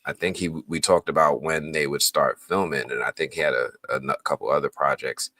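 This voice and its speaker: A man, a film critic, telling a story in a relaxed, casual way. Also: very deep voice, brisk. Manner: relaxed storytelling, laughs often. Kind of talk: casual chat.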